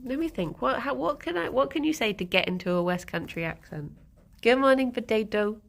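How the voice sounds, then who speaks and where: A woman's voice: fairly high pitch, big pitch swings, fairly quick, gravelly. A young woman chatting casually on a livestream at home, giggling and talking to her pet rabbits. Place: at home, indoors.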